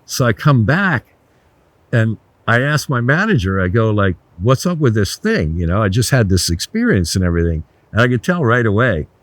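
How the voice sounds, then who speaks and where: An older man, a resort founder, telling blunt, animated anecdotes in a casual interview, swearing freely. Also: lowish voice, normal speed, no echo.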